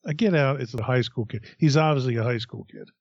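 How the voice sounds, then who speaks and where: A middle-aged man, a podcast co-host, telling a profane, animated story in casual chat. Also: mid-range voice, fast, breathy edge, no echo, dull audio.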